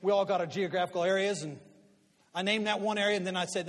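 Middle-aged male speaker, high voice, lively storytelling before a crowd, long hall echo. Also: fast talker. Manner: animated storyteller, swinging from quiet asides to loud punchlines. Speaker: guest speaker and media commentator. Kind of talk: storytelling talk to a live audience. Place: large hall before an audience. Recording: long reverb of a large hall.

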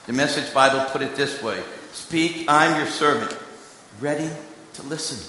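A man preaching in a large hall, his voice bright and forceful. His story moves between hushed asides and strong emphasis, and every word rings out with a long, echoing reverb. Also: fairly high pitch, moderate pace, a little hiss or hum. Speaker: preacher and candidate recruiter. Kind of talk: sermon.

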